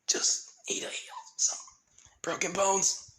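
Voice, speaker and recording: A man's voice: medium pitch, expressive, a little slow, background noise, natural voice. A man voicing a stubborn, injured young male traveler who complains about his pain, in a fan-made story reading.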